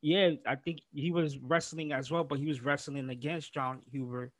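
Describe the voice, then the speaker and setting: A man's voice: a little high, fairly even intonation, normal speed, dry recording. A man co-hosting a casual wrestling podcast, rambling and calling his friend "bro" as he retells his reactions. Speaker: podcast co-host.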